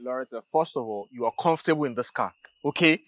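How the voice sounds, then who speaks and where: A man's voice: medium pitch, quick pace, no room sound, lightly acted. A man with a Nigerian accent playing a stressed brother in a Nollywood drama, pleading and exasperated by turns, recorded dry. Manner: pleading, then exasperated and raised. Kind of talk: Nollywood film acting.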